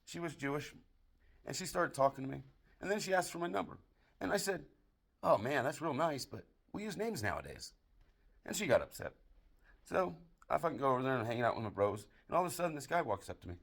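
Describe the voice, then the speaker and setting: A man's voice: a little high, fast, vocal fry. Een Amerikaanse man vertelt grove, schunnige moppen in een komisch verhaal vol gevloek, met een droge, nuchtere toon. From United States. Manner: profane, deadpan delivery of dirty jokes. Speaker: barroom joke teller. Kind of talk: crude comedic storytelling monologue.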